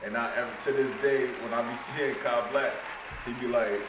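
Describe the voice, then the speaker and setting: A man guest on a podcast, telling stories in a relaxed, casual way and often dropping "yo". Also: medium pitch, brisk, far from the mic. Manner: laid-back storytelling, says "yo" a lot. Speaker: guest artist. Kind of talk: casual chat. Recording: roomy sound, a bit off-mic, faint room noise.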